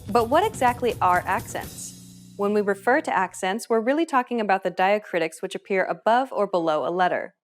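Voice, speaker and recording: A woman's voice: medium pitch, brisk, soft background music. Woman narrating a language lesson. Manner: clear, even teaching delivery. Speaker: language course host.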